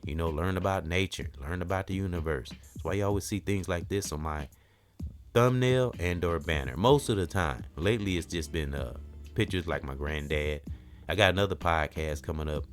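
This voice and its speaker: A man's voice: deep voice, normal speed, soft background music. A man hosting his own podcast, talking in a rambling, reflective way about gratitude and peace, often saying "you know". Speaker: podcast host. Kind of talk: casual spiritual talk.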